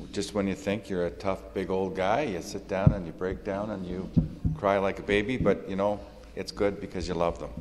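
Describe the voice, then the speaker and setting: A man who is an associate minister, asking an earnest question in a parliamentary debate with many fillers. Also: deep voice. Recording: long hall reverb, faint room noise.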